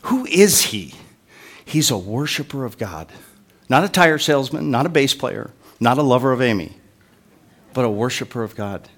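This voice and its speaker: A man's voice: medium pitch, animated, moderate pace. A male pastor preaching a sermon in a conversational way, breaking off into joking asides to his listeners.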